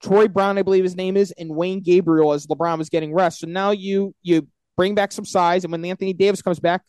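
A man's voice: high-pitched, steady tone, a little fast, a little mellow, smooth, no room sound. A man co-hosting a sports podcast, talking stats and trades in loose, profane banter. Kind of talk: casual sports chat.

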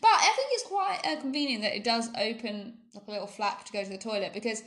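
A woman in casual podcast chat, blunt and teasing as she prods her co-host. Her voice sits a little higher than most women's. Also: fast, fairly bright tone. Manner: blunt, teasing, laughs often.

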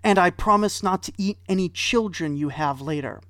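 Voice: mid-range voice, normal speed, a bit bright, dry recording, studio quality, close to an everyday voice. A storyteller voicing a sly male eagle that talks its way out of trouble, glib and bargaining. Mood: eager.

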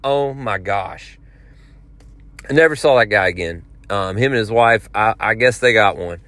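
A man telling a long story in a casual, rambling, animated way. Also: on the low side, moderate pace, no room sound. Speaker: podcast host.

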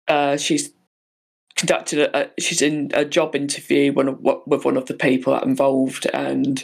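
A young woman in casual chat, retelling a film with lively quoted voices and frequent laughter. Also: very deep voice, moderate pace, vocal fry, husky.

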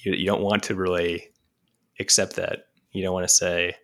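A man talking as a guest on a podcast in casual conversation, animated and quick to mimic other voices. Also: sits low.

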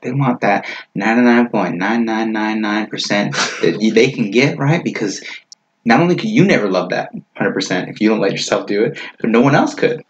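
A man's voice: fairly low pitch, muffled recording. A man in a casual heart-to-heart talk with a friend, earnest and teasing by turns, laughing often.

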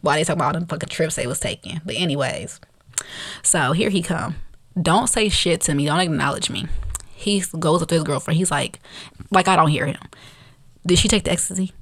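A woman podcast host telling a story in a blunt, profane, animated way, acting out the other people's lines as she goes. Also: deep voice, fairly quick, dry recording. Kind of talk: casual storytelling.

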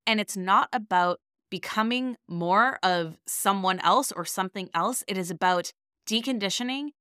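A woman's voice: medium pitch, normal speed, pushed and bright, clear, resonant tone, no room sound, studio quality. A woman in her thirties hosting her podcast, sounding a bit nasal from a cold, talking with eager, earnest enthusiasm. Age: 30s. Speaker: podcast host. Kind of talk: casual podcast talk.

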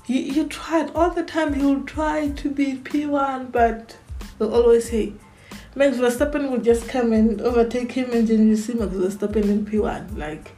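A woman's voice: fairly high pitch, steady tone, moderate pace, dark tone, faint music behind, low-quality recording. A woman giving casual fan commentary on a vlog, chatty, repeating words as she talks things over. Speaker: Formula One fan vlogger.

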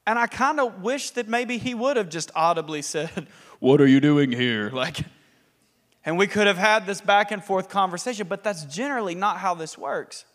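High-pitched pastor preaching, super animated, long echoey hall sound. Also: male voice, fairly quick, few pauses. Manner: animated, laughing, acts out scripture. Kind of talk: sermon.

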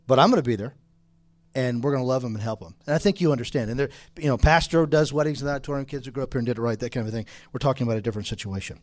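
Fast-talking earnest man moderating a panel. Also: medium pitch. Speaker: panel moderator at a church conference. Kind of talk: conference panel discussion.

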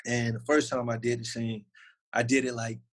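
A man's voice: mid-range voice, little pitch movement, normal speed, rough recording. A young man from Virginia with a Southern accent, an actor telling stories in a casual interview, loose and slangy with lots of fillers.

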